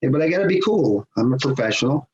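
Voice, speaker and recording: A middle-aged man, a guest on a podcast, telling a personal story in a lively conversational way, chuckling as he goes. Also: mid-range voice, quick pace, crowd noise. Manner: animated, acts out quoted voices, chuckles often. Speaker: podcast guest, hockey official. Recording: roomy, dull sound with faint hiss.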